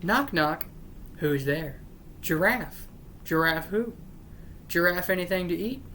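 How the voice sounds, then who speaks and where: A woman's voice: fairly low pitch, animated, takes it slowly, fairly bright tone, slight background noise. A woman hosting her channel, reading jokes aloud one after another and grumbling that they are not funny. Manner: unimpressed, breaks off to grumble about the jokes. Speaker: channel host.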